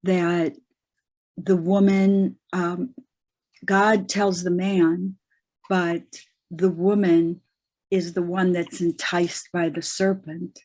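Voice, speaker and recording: A woman in a study group speaks very slowly and thoughtfully. She is hesitant and pauses often as she works out her question. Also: on the low side, flat delivery, a little mellow. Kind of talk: group discussion.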